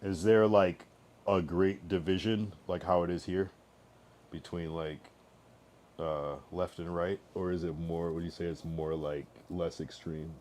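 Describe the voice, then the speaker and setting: A man's voice: low-pitched, little pitch movement, a little slow, a little mellow, a little hiss or hum. A man streaming live, chatting casually and rambling through his thoughts with many restarts.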